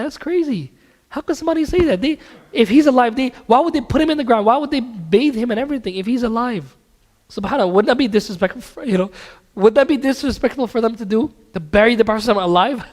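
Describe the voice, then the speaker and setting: A man teaching a casual religious class at a mosque, telling stories with laughs and animated asides. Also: high-pitched. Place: mosque hall. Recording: hall reverb.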